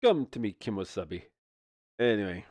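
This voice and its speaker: A man's voice: fairly low pitch, animated, moderate pace, darkish tone, no echo. A man streaming casual ranting commentary, rambling, swearing, stumbling over his words and restarting often. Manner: rambling, swears, stumbles and restarts, repeats "you know what I mean".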